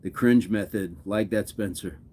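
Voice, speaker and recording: A man's voice: on the low side, normal speed, warm tone, slight background noise. A middle-aged man hosting a casual livestream, reading viewer comments in a jokey, easygoing way and chuckling between remarks. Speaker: livestream host.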